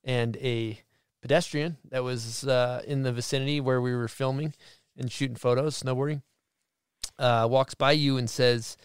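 A man's voice: medium pitch, steady tone, moderate pace, clear, resonant tone, no room sound, clean studio sound. A man from Massachusetts hosting a podcast in casual chat, swearing freely and telling stories with gusto. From Massachusetts, USA. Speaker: podcast host.

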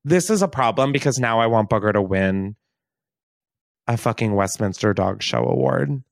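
A man's voice: medium pitch, expressive, normal speed, vocal fry, no room sound, clean studio sound. A young man hosting a casual, comedic chat show, joking and laughing often. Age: young adult. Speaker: podcast host.

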